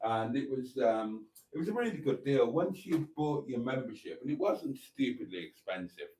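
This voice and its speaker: Mellow, middle-pitched male host, rambling and teasing in casual chat. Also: sing-song, moderate pace, slight background noise, low-quality recording. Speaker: host of a live stream.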